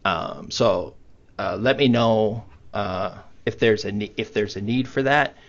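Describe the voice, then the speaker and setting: A man's voice: lowish voice, measured pace. A man presenting a webinar in a conversational way, with lots of fillers. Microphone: computer mic on video call. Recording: muffled online meeting audio.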